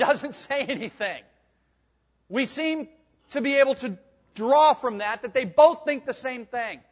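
A male pastor preaching a sermon in a church sanctuary, swinging between hushed and emphatic delivery. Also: sits high. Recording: dull sound with long hall reverb.

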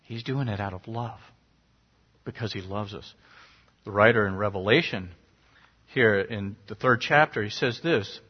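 Middle-aged pastor guy preaching, kinda husky, earnest chatty tone, muffled lo-fi sound. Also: lowish voice, a little slow, pauses often. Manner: earnest, conversational with sudden emphatic rises. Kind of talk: sermon. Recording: dull lo-fi recording.

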